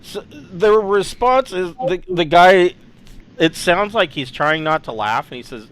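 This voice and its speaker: A man narrating as game master of a tabletop game, often pausing to search for words. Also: high-pitched, expressive, fairly bright tone, clear, resonant tone.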